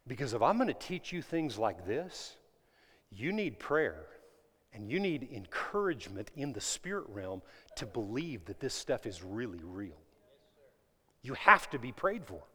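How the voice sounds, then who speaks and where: A man preaching a sermon to his congregation, swinging between loud emphatic lines and hushed ones and asking them questions. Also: mid-range voice, big pitch swings, a little slow, long pauses, breathy edge. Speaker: pastor. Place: church sanctuary. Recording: long reverb of a large hall.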